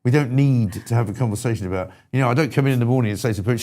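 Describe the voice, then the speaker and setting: A man's voice: medium pitch, racing, few pauses, dark tone. Blunt man ranting on a talk show. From England. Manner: blunt, irascible, exasperated rants. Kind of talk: opinionated live show chat.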